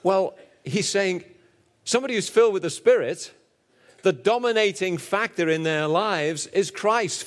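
A Liverpool-accented man preaches a humorous sermon, his delivery shifting between booming emphasis and hushed asides.

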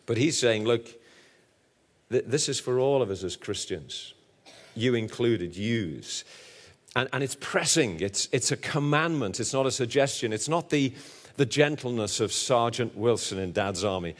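A man with a Liverpool accent preaching a sermon with humor, his delivery swinging between booming emphasis and hushed asides. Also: expressive, unhurried.

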